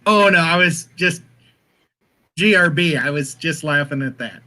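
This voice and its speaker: A man's voice: fairly high pitch, measured pace, pushed and bright. A man co-hosting a casual livestream, joking around and laughing often. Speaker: co-host.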